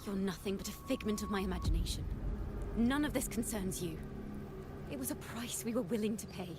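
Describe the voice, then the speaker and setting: A woman voicing a calm, quietly defiant young female bard in a game. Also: medium pitch, fairly quick, background noise, lightly acted. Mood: resolute. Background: game music.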